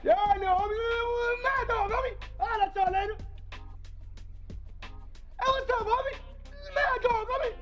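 A man plays a wired street guy who yells the same greetings again and again, his voice piercingly high. Music pulses behind him. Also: a little slow, pauses often, lo-fi sound. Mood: hyped. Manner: hyped, repetitive shouting. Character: hyped spitting street guy calling himself Mad Dog.

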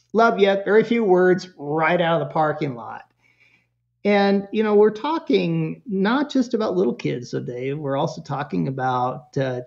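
A man speaking as a parenting expert guest in a casual interview, telling animated, humorous stories. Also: a little high, gravelly, lo-fi sound.

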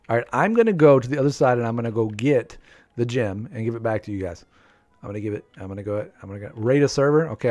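Keys clatter in the background as this excitable streamer narrates his game for an audience. He talks to his players and now and then erupts into high-pitched shouts.

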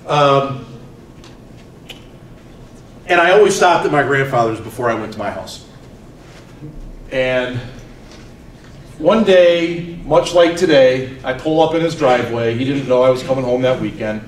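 A teacher in his forties telling personal stories to students in an animated way, swinging from loud to soft. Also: mid-range voice, unhurried, long pauses. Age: 40s. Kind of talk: storytelling talk to students. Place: school hall. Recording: echoey room, mic far off, faint noise.

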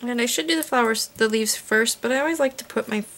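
A woman narrating her card-making tutorial in a relaxed, chatty way, thinking aloud as she works. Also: fairly high pitch, fast. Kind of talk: casual crafting tutorial voice-over.

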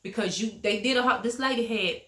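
A woman's voice: fairly high pitch, a little fast, sharp tone, echoey room. Frank motherly woman with a Southern US accent. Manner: frank, scolding, motherly lecturing. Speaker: vlogger, mother. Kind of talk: casual family vlog chat.

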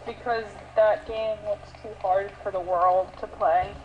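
A woman chatting excitedly while playing a video game with friends, rambling and giggling. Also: mid-range voice, measured pace. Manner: giddy, rambling, easily excited. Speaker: let's play player. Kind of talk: casual gaming chat. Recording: dull lo-fi mic with faint hiss.

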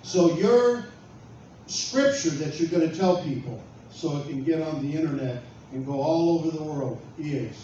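A man preaching and telling stories, building to loud, emphatic declarations. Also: on the high side, moderate pace, muffled recording. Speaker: pastor. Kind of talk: preaching testimony. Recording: echoey room, far from mic, faint noise.

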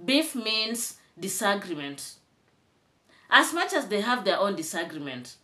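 Bright-voiced Kenyan woman vlogging. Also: a little high, very animated, measured pace. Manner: chatty, rising to indignant scolding. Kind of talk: casual commentary vlog.

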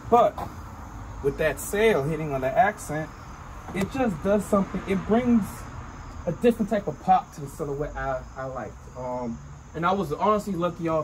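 A man's voice: on the high side, poor audio. A man hosting a casual sneaker vlog outdoors at dusk, talking in a slangy, chatty way and repeating his catchphrases. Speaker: sneaker vlogger. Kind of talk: casual hyped sneaker show-and-tell. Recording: outdoor noise with crickets and traffic.

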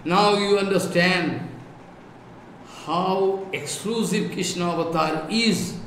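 A man's voice: high-pitched, slow, fairly bright tone. A man with an Indian English accent giving a devotional lecture, repeating his points emphatically and reciting Sanskrit verses. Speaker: spiritual teacher. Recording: echoey room, faint background noise.

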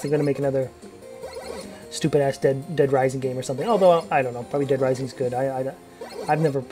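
A young man giving casual gameplay commentary, rambling and profane, full of fillers and restarts. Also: medium pitch. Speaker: let's play commentator.

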